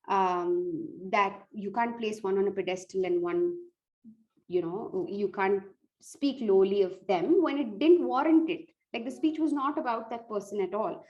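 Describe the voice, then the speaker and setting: A woman's voice: on the high side, a little mellow, low-quality recording. A woman giving earnest, direct tips on evaluating speeches, restarting phrases as she goes. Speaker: speech contest coach.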